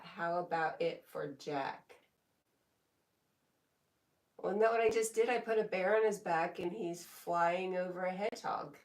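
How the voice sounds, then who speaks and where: Slow-talking woman reading stream comments. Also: fairly low pitch, recorded from a distance. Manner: slow, relaxed, laughs often between comments. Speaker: live streamer. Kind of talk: casual live stream chat, reading comments aloud. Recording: echoey room, voice a bit off mic.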